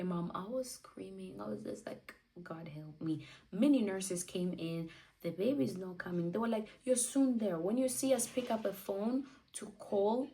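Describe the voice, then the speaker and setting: A woman's voice: lowish voice, dark tone, distant mic, poor audio. A twenty-year-old woman telling a personal story in a candid, emotional way, acting out what she and others said. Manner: candid, emotional, acts out her own quotes. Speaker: vlogger.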